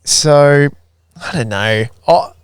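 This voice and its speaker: A man's voice: fairly high pitch, takes it slowly, clear, resonant tone, dry recording. A young Australian man hosting a podcast, laid-back and laughing often, swearing casually in easy chat. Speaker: podcast host.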